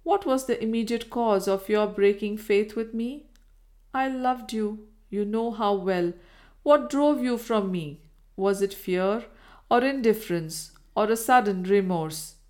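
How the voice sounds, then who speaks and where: A woman reading a commanding Victorian gentleman. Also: medium pitch, unhurried, lightly acted. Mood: demanding. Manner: forceful, demanding. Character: insistent gentleman pressing a former lover.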